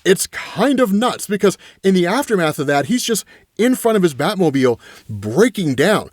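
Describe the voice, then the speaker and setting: A man giving a casual, animated comic book recap as a regular host, full of loose fillers. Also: sits high, normal speed, no echo, clean studio sound.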